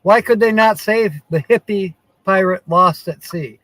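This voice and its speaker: A man's voice: sits high, unhurried, a bit bright, no room sound, rough recording. A man hosting a live stream from his truck, chatting casually and chuckling often. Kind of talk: casual chat.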